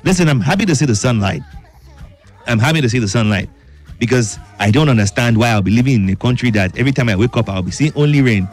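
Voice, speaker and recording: Nigerian male radio host in a comedy sketch, playful and animated, faint music underneath. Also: medium pitch, fast talker.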